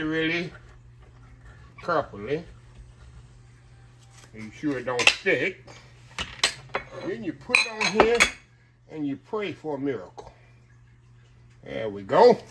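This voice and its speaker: Slow-talking man cooking. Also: on the high side, background noise. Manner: folksy, keeps addressing viewers as y'all. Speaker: cooking vlogger. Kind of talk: casual cooking demonstration.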